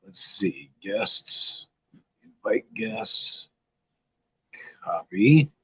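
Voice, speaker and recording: A man's voice: fairly low pitch, lively intonation, extremely slow, pushed and bright, slightly rough, muffled recording. An older man hosting a casual livestream, tired and a bit scatterbrained, chatting loosely with viewers. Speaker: livestream host. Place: outdoors-like spot at home.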